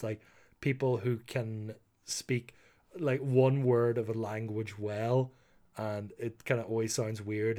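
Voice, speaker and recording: A young man from Northern Ireland, a history storyteller host, tells a true story as a casual monologue. His medium-pitched, slightly mellow voice rambles chattily, with frequent "like" and "you know".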